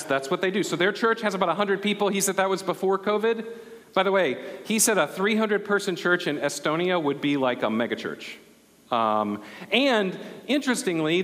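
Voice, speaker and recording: A male pastor telling a story in a relaxed, conversational sermon, often restarting his sentences. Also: high-pitched, in a large hall.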